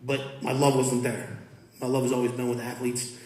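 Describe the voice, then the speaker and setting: A man's voice: mid-range voice, moderate pace, a little hiss or hum. A man in his fifties, a coach and student teacher, reciting poetry and chatting casually with students in a school hall. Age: 50s. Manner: relaxed, conversational, rhythmic when reciting. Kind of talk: poetry reading and talk to students. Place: school auditorium or large classroom. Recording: echoey room.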